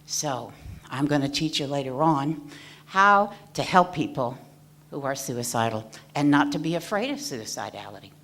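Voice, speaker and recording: A woman's voice: a bass voice, animated, moderate pace, fairly bright tone. A middle-aged woman therapist giving an earnest, direct personal talk to an audience. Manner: earnest, direct, addresses listeners as folks. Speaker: mental health therapist speaking at an event.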